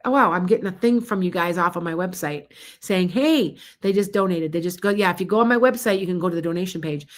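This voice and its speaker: A woman's voice: fairly low pitch, fast talker. Chatty woman reading tarot live. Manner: chatty, addresses viewers by name. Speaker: psychic tarot reader.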